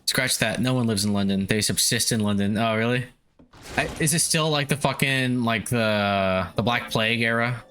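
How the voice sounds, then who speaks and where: A man's voice: medium pitch, moderate pace, fairly bright tone. A young man streaming a game, chatting casually with viewers, laid-back, swearing and laughing often. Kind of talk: casual gameplay chat with viewers.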